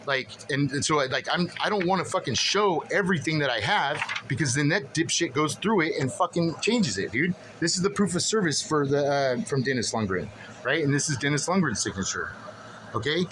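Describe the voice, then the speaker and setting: A man's voice: fairly high pitch, expressive, a little fast, noisy background. A man venting to the camera in a casual vlog, agitated and profane, rambling with many restarts as he reads through paperwork. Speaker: vlogger.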